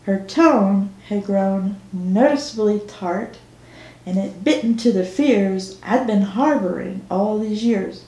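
A woman's voice: medium pitch, slow, a little mellow. A woman author reading her own novel aloud in first person, with dry storytelling. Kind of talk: audiobook narration. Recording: roomy echo.

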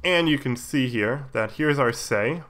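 A man with a cold talks through code on a live stream at a mid-range pitch. He explains step by step in a relaxed, easygoing way, with plenty of fillers along the way. Keyboard clicks sound behind him. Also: unhurried. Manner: relaxed, explains while typing, many fillers. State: has a cold, coughing. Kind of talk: casual live coding tutorial.

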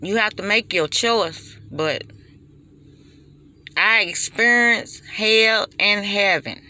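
A woman's voice: mid-range voice, takes it slowly, pushed and bright. A woman, giving an impassioned, preachy monologue straight to her phone. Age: 40s. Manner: preachy, emphatic and repetitive. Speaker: vlogger.

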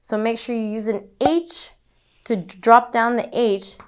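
A woman's voice: on the high side, measured pace, clean tone. A woman teaching singing, demonstrating breathing exercises as she explains them. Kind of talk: vocal lesson demonstration.

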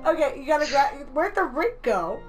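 A woman's voice: sits high, very animated, normal speed. A young woman coaching a friend through a game, giving bossy instructions and laughing often. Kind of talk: casual let's-play chat. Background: game music.

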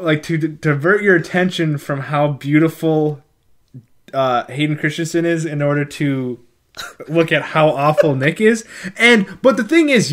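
A man's voice: a little high, fairly bright tone. Wry man in casual podcast chat. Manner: wry, sarcastic humor. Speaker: podcast co-host. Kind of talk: casual movie review chat.

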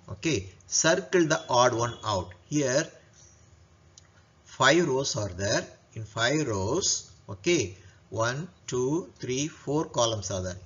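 A man teaching a lesson, slowly repeating questions and answering them himself. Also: medium pitch, a bit bright. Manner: slow, repetitive, asks and answers his own questions. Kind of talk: classroom lesson walkthrough. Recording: dull lo-fi recording.

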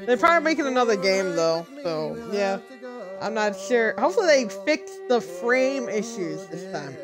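A woman's voice: medium pitch, very animated, moderate pace. Exasperated swearing young woman gamer. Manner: exasperated, swearing, talking to the screen. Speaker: gaming video creator. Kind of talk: live gameplay commentary. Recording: voice over game audio with music. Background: game music.

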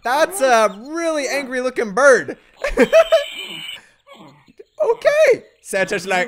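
Young man, let's play host, goofy, animated, very swingy pitch. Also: measured pace, raised voice, a little hiss or hum. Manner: animated and goofy, often laughing and doing silly voices for characters. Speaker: gaming video host.

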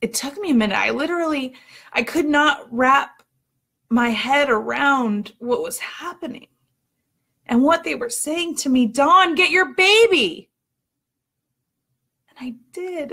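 A woman in her thirties telling a personal story in a candid, expressive way, acting out her own outbursts. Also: sits high, creaky, breathy edge.

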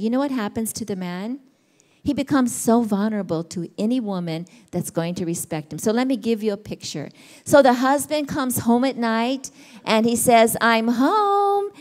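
A middle-aged woman, teaching a church women's session in a conversational way and asking her listeners questions. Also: on the high side. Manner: warm, conversational, asks the audience questions.

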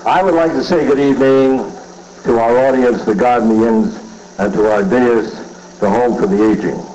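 A man's voice: mid-range voice, normal speed, mellow, dull audio, a little hiss or hum. A man comedian delivering insulting, bawdy one-liners at a roast on a banquet dais. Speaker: roast speaker. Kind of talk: stand-up roast.

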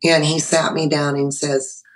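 A woman's voice: low voice, measured pace, rough recording. A middle-aged woman, a guest on a video call, telling her own story with feeling and acting out her own past words. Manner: animated, emotional, acts out her own quotes. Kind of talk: casual storytelling.

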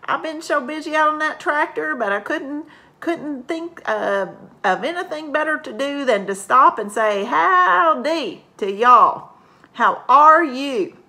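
Puppet farmer: a hearty, folksy farmer, a woman doing the voice, bright and loud. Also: sits high, lively intonation, a little slow, pitched above the performer's own voice, heavily acted. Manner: hearty, drawling "howdy, partners". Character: jolly farmer man puppet.

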